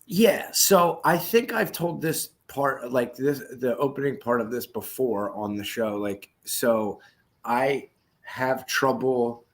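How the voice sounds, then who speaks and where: A man's voice: mid-range voice, slow. Laughing, foul-mouthed man in his forties. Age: 40s. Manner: profane, laughing, rambling storytelling. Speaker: podcast co-host. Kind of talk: casual chat.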